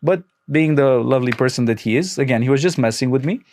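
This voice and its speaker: A man's voice: medium pitch, fast, a little hiss or hum. A man hosting a podcast, telling a story in casual chat and acting out the lines he quotes. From Romania. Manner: animated, acts out quoted lines with laughs. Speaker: podcast host.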